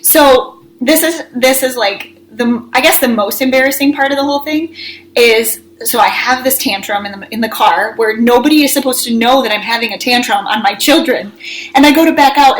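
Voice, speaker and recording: A woman co-hosting a casual podcast, telling a story with lively energy and bursts of shouting when she acts out scolding her kids. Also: fairly high pitch, a little fast, slight background noise, rough recording. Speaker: podcast co-host.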